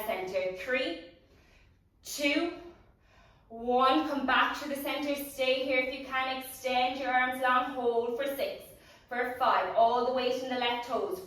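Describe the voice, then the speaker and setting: A woman teaching a pilates workout, giving steady, encouraging cues and counts. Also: high voice. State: out of breath at times. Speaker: pilates instructor. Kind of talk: guided workout cueing. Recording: roomy echo, voice from a distance.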